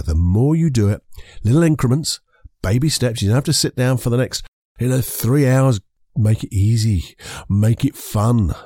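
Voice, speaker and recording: A man with a low, husky, mellow voice, talking the listener through a self-help method. He speaks directly to them and keeps repeating the key words. The sound is dry and close, with no room in it. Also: no room sound. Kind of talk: motivational self-help talk.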